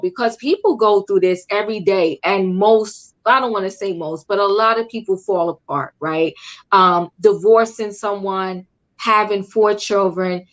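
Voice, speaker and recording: A woman hosting a casual recap chat, chatty and emphatic, often repeating herself. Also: mid-range voice. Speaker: host.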